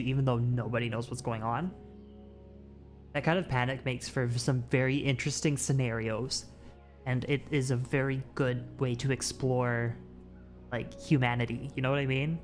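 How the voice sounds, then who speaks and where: Rambling streamer, casual chat, animated mock quotes, mid pitch, faint background music. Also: moderate pace. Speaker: streamer and artist.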